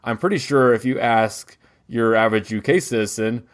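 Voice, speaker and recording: A man's voice: mid-range voice, normal speed, clean tone. An American man co-hosting a podcast, chatting about a movie in a loose, rambling way. His voice sits in a middle register, and he keeps circling back with fillers and restarts as he thinks aloud. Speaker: podcast co-host. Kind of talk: casual film discussion.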